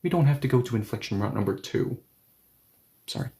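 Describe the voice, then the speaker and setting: Mellow-voiced man teaching grammar. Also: mid-range voice, animated, gravelly. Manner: patient step-by-step explaining, repeating example sentences slowly. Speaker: Korean language teacher. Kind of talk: online grammar lesson.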